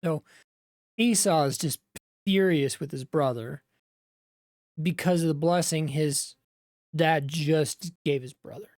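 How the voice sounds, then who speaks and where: Woman, bible teacher, low voice, casual retelling of scripture, conversational asides, dry close sound. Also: takes it slowly, long pauses, darkish tone, no echo.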